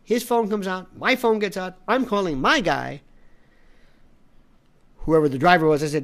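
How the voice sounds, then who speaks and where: A man's voice: high-pitched, normal speed. A male talk show host delivering a rambling, sarcastic monologue full of digressions. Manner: animated, sarcastic, digressive storyteller.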